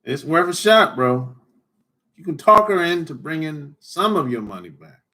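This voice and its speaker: A man's voice: on the high side, very animated, moderate pace, sharp tone. A man hosting a casual livestream, teasing callers in loose slang and laughing often. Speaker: livestream host talking with callers. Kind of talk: casual chat.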